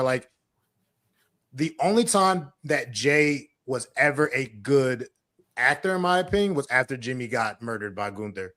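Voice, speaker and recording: A man co-hosting a wrestling podcast, blunt and animated, breaking into quick impressions as he rants. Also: medium pitch. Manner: blunt, animated, mimics wrestlers mid-rant. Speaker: podcast co-host. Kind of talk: casual wrestling chat.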